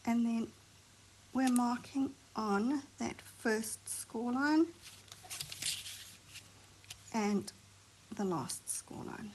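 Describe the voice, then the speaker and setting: A woman hosting a craft tutorial, chatting and thinking aloud as she works, sometimes dropping to a soft near-whisper while she concentrates. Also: a little high, very slow, long pauses, a little hiss or hum, low-quality recording. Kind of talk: chatty hands-on craft demonstration.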